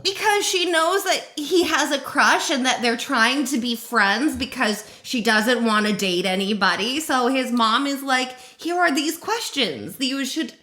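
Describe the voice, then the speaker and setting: A woman's voice: sits high, unhurried, few pauses, sharp tone. Affectionate woman, casual and encouraging. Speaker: reader's partner, listening in. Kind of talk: casual chat.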